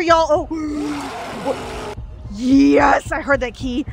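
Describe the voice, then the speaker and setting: A young woman livestreaming a horror game to chat, jumpy and excitable, laughing and gasping as she pleads with her friends. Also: sits high, takes it slowly, raised voice, loud music behind the voice. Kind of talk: live gameplay commentary to chat.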